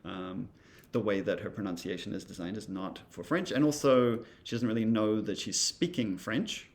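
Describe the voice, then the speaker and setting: Ums and uhs fill the speech of a male instructor who thinks out loud while demonstrating software in a relaxed recorded lesson. He talks at a moderate pace, his pitch fairly low.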